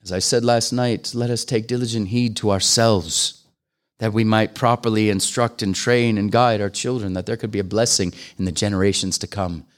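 A man's voice: lowish voice, fairly even intonation, moderate pace. An older man preaching a sermon, earnest and pleading, pressing his listeners with questions that rise into fervent appeals. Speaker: guest preacher.

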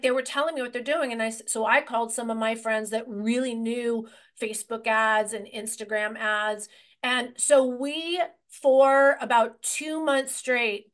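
Woman, 40s, realtor guest; energetic, rambling storyteller, higher pitch. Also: normal speed. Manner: energetic and rambling, many restarts. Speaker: real estate agent, guest. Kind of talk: conversational storytelling interview.

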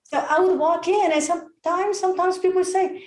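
A woman working as a real estate agent, giving expressive, excitable advice in an interview. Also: very high-pitched, moderate pace, roomy sound. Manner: expressive, excitable, many exclamations.

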